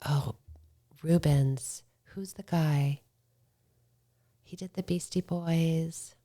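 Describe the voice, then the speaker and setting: A woman filmmaker chatting as a podcast guest, telling lively stories and quoting herself. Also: sits low, very slow. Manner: animated storytelling, quotes herself. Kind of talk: casual interview chat.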